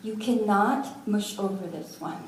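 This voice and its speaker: In a language class, a woman carefully sounds words out one syllable at a time, mixing in cheerful asides. Her mid-range voice keeps a measured pace, captured from far away in an echoey space with a little background noise.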